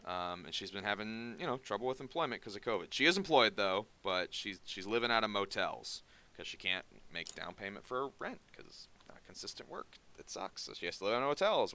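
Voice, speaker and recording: A man hosts a casual podcast, telling a story in a loose, rambling way and often restarting mid-sentence. His voice sits a little low but sounds bright and crisp, with a smooth, clear tone. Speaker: podcast host.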